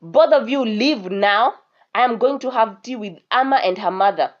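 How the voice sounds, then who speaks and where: A stubborn young prince with a quick temper, barking orders at his guards, as a woman storyteller puts him on. The voice sits fairly high, and the recording sounds dull and lo-fi. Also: animated, lightly acted. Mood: firm. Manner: commanding, raises voice angrily.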